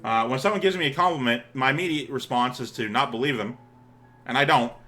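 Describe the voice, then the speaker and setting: A man hosting a let's play who reads a visual novel aloud and breaks into excitable, laughing, swearing outbursts. His voice sits at a middle pitch with a bright, forceful edge. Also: a little fast, soft background music. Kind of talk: reading a visual novel with live reactions.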